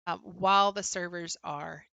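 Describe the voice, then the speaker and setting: A woman's voice: lowish voice, fairly even intonation, unhurried, gravelly, bright, forceful tone, no echo. A young woman co-hosting a livestream, casually chatting and answering viewers' comments with frequent "um" fillers. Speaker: livestream co-host.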